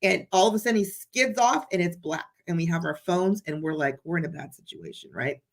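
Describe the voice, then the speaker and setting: A woman chatting as a guest, telling a story in an excited, animated way. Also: on the low side, a little fast. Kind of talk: casual chat.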